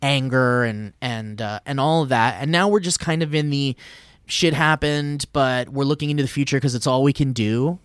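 Chatty upbeat podcast host, dry sound. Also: male voice, mid-range voice, fairly even intonation, normal speed, clear, resonant tone, dry recording. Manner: rambling, upbeat, laughs often. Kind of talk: casual podcast chat.

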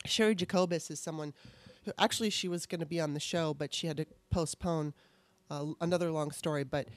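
A woman's voice: deep voice, steady tone, a little fast, dry recording. A middle-aged woman co-hosting a casual chat show, candid and rambling, swearing freely. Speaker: podcast co-host.

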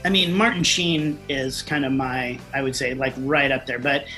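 Bright-voiced man telling a lively story. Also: mid-range voice, moderate pace, soft background music. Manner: animated, acts out quotes. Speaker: guest. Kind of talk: casual storytelling.

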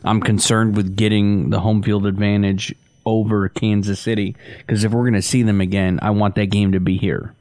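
A man co-hosting a sports podcast, talking in an offhand, halting way. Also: lowish voice, little pitch movement, a little mellow, dry recording. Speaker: podcast co-host. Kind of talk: casual sports podcast talk.

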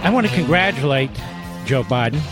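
A man's voice: medium pitch, expressive, fairly quick, loud music behind the voice. An older man hosting a political talk radio show, combative and sarcastic, speaking into a studio microphone.

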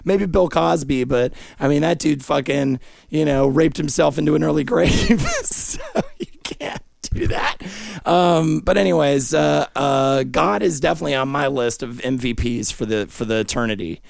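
A young man delivering a rambling, profane comedic monologue with sudden yelled outbursts, recorded close on a studio mic. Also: fairly high pitch, normal speed, vocal fry, no echo. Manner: absurd, profane stream of consciousness with sudden yelling. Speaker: podcast host.

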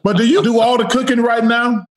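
A man with a fairly high voice, co-hosting and firing off teasing, blunt questions. He sounds like he is in a roomy, echoing space. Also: steady tone, brisk. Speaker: co-host. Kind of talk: casual chat. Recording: roomy echo.

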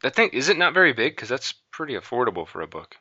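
Joking man with a bright voice. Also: mid-range voice, sing-song, fast, no room sound, dull audio. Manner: joking, playful, talkative. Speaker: podcast co-host. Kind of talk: casual chat.

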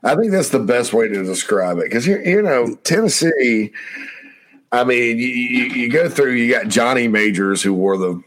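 A man hosting a casual sports talk show, reading viewer comments aloud and rambling with laughs and quick impressions of coaches. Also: medium pitch, animated, fairly bright tone.

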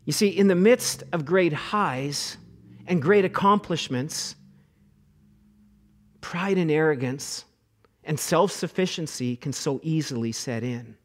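A middle-aged man preaching a sermon as pastor, animated, acting out quoted voices and repeating words as he goes. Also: fairly high pitch, slow, long pauses.

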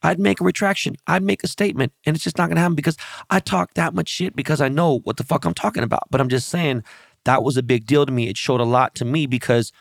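A man's voice: fairly high pitch, quick pace, gravelly, dry recording, clean studio sound. A man hosting a podcast in casual chat, brash and profane, telling stories with quoted voices. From born and raised locally. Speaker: podcast host.

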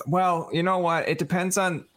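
A man's voice: high voice, moderate pace. A man hosting a podcast who chats casually and animatedly, acting out the voices of people in his stories. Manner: animated storyteller, acts out quoted voices. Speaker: podcast host.

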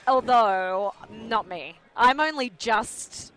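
A woman's voice: fairly high pitch, slow pace, a crowd in the background. An Australian woman in her forties, a podcast guest, chatting casually and joking about herself. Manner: chatty, self-deprecating, laughs at herself. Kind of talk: casual interview chat. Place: busy hunting expo hall.

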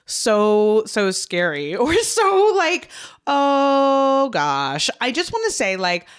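Smooth-voiced woman podcast host, heartfelt. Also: fairly high pitch, big pitch swings, slow. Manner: heartfelt and earnest, swears freely. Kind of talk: casual podcast chat.

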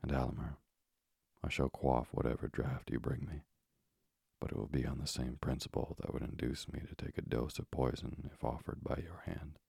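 A man's voice: a bass voice, moderate pace, no echo, clean studio sound, full character voice. A man whispering as a firm, devoted young wife. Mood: firm hushed. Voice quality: breathy whisper. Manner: calm, firm. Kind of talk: whispered role-play.

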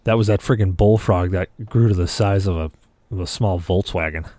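A man's voice: sits low, moderate pace, mellow, no room sound. Swearing, rambling podcast co-host man. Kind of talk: casual chat.

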